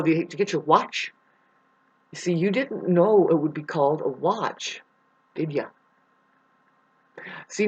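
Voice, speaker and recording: A woman's voice: fairly low pitch, breathy edge, muffled recording. A woman who calls herself an astrologer and spiritual healer, rambling and swearing in a meandering monologue. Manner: meandering, swearing, talks to herself and imagined voices.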